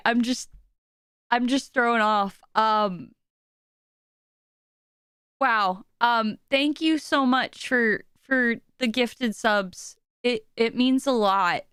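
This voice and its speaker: Flustered high-voiced woman streamer. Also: pushed and bright, clean tone, dry recording, studio quality. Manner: flustered, stammering, often laughing. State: emotional, near tears. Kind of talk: casual live-stream chat.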